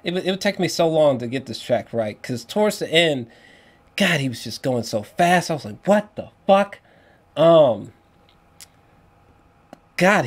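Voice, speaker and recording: A man casually reviewing an album on video, excitable and profane, laughing often and restarting his sentences. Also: mid-range voice.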